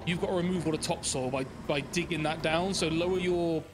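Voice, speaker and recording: A man's voice: fairly high pitch, steady tone, a little fast, music in the background. A young man, giggling and bossing his friend around as a mock foreman in a co-op game. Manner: giggly, bossy, plays the foreman. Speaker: co-player. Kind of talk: casual gaming banter.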